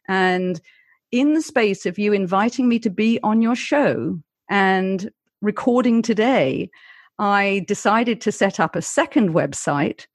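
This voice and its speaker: A woman's voice: medium pitch, no echo. A woman with an English received pronunciation accent, a guest author and former broadcaster, talking articulately with wry humor. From Britain. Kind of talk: interview conversation.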